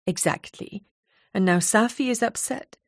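A woman's voice: medium pitch, unhurried, dry recording, studio quality, pitched above the performer's own voice. A woman voicing a tearful, self-critical woman of forty in an audiobook. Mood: bitter.

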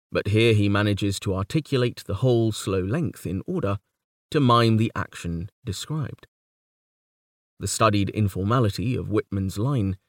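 A man narrating a book in a measured, deliberate way, his fairly low voice rising and falling a lot. The sound is dry and close, with no room echo. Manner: measured reading, reciting verse quotations with feeling. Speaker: audiobook narrator. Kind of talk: scripted narration of a book on poetry.

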